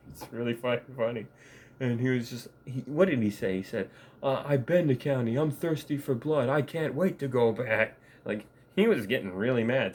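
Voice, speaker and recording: A man's voice: fairly low pitch, slight background noise. A man vlogging in a casual, rambling monologue, profane and laughing often.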